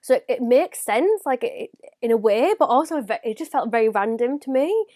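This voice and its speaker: A young woman unboxing makeup in a casual vlog, gushing and excitable, now and then dropping to a whisper or gasping. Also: a little high, fairly quick, no room sound, clean studio sound. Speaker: beauty vlogger.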